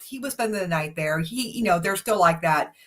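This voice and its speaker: A woman co-hosting a casual online book club, agreeing readily and thinking out loud as she talks. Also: fairly low pitch, lively intonation, a little fast. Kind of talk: casual livestream chat.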